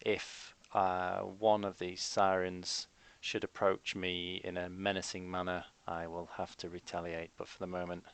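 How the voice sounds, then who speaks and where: A man playing a tabletop role-playing game, describing his character's actions in a halting, hesitant way. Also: low voice, monotone, smooth, no echo. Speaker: player. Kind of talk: tabletop role-play over voice chat.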